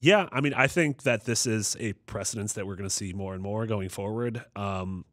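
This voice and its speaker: Low, dry-voiced male podcast co-host. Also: normal speed, a bit bright, no room sound. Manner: opinionated and blunt. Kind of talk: casual panel chat.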